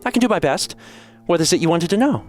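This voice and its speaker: A man's voice: a little high, lively intonation, fast, soft background music, pitched above the performer's own voice, natural voice. A man voicing a young noble cat girl who is sweet, chatty and naive, talking in a bubbly, breathless way.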